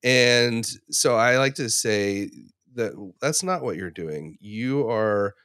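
A man in his forties, an ICU clinician, talking through a medical dilemma in relaxed conversation, telling stories with fillers and restarts. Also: mid-range voice, slow pace, clear, resonant tone, dry recording, studio quality. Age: 40s. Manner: reflective, storytelling with frequent fillers and restarts. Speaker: ICU clinician, podcast co-host. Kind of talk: casual professional discussion.

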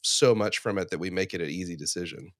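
A lowish-voiced man in his forties, speaking as a clinician in a thoughtful, unhurried discussion. He tells stories with small restarts and fillers, and the sound is dry and close, with almost no room around it. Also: dry recording. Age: 40s. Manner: reflective, storytelling with frequent fillers and restarts. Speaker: ICU clinician, podcast co-host. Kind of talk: casual professional discussion.

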